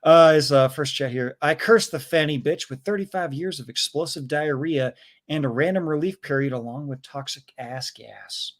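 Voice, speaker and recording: A man with a slightly raised pitch hosts a casual live stream. He reads viewer messages aloud in an easy, joking way and reacts to them with chuckles. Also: normal speed. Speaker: livestream host reading chats.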